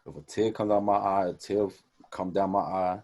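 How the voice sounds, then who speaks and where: A young man co-hosting a casual podcast, talking in animated, profane street slang and acting out quoted conversations. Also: sits low, normal speed, muffled recording. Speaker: podcast co-host.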